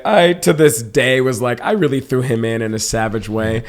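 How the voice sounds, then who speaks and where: This podcast co-host, a man in his thirties, tells a story in a relaxed way at a moderate pace with a mid-range voice. He laughs often and performs the quotes.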